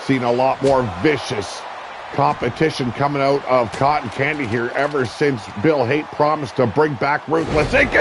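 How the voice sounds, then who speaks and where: A man calling a wrestling match as play-by-play commentator, brash and profane, shouting at the big moves. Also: medium pitch, a little slow, noisy background.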